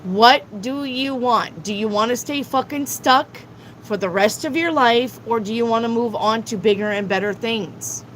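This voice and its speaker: A woman's voice: a little high, slight background noise, rough recording. A woman tarot reader on a live stream, lecturing her viewers bluntly and swearing often.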